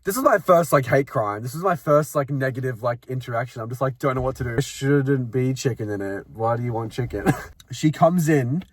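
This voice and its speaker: A man's voice: medium pitch, fairly quick, no room sound. A young man telling his own workplace stories in casual chat, laughing often and chiming in with wisecracks. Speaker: co-host.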